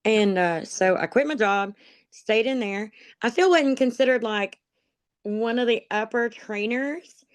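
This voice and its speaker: Here the interviewee, who graduated from a dog program, has a fairly high, clear and resonant voice, talking a little slowly with no room sound at all. Her conversational account of her own life wanders, turns emotional, and is peppered with ums and self-directed laughter.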